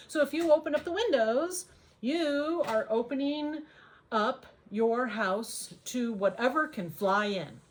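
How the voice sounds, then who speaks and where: A woman's voice: a little high, lively intonation, unhurried, slight background noise. An American woman giving casual advice in a vlog, chatty and full of ums and uhs. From United States. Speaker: vlogger.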